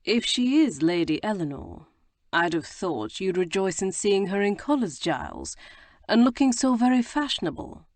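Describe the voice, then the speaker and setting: A woman reading an audiobook, voicing a composed, wry gentleman with a dry, measured manner. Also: mid-range voice, very animated, no echo, close to an everyday voice.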